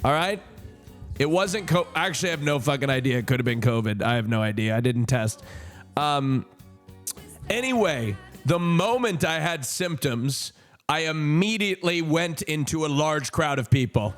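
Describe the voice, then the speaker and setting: A man streaming, telling a personal story to his chat in a casual, animated way, swearing and swinging between high indignant protests and low earnest tones. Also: unhurried, soft background music.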